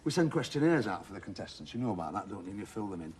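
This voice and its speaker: A man's voice: fairly low pitch, very animated, very fast, darkish tone, husky. A man hosting a TV game show, chatting and joking with contestants in a studio. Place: TV studio with a live audience.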